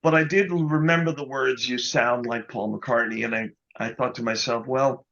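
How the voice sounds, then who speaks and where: A man being interviewed as a guest musician, telling an anecdote in a casual, animated way, often adding "you know". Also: mid-range voice, moderate pace, gravelly, lo-fi sound. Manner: animated anecdote teller, quotes others, many "you know"s.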